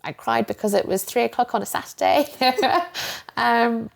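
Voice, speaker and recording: A woman's voice: fairly high pitch, moderate pace, creaky. A young woman, a guest, candidly telling her own story in a reflective, open way. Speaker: guest, journalist and coach. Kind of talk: candid personal interview.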